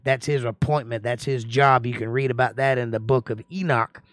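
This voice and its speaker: A man's voice: mid-range voice, steady tone, moderate pace, a bit bright, no room sound, clean studio sound. A man leading a casual livestream Bible study in a folksy, chatty way, reading scripture aloud, explaining it, and greeting viewers by name. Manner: reads scripture aloud and comments on it.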